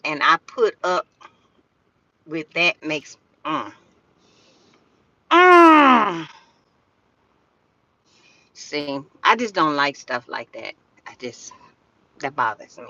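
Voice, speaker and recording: An older woman chatting casually on a livestream, talking straight to her viewers in a slow drawl. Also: sits low, animated, pushed and bright, no room sound, dull audio. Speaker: live streamer. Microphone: phone.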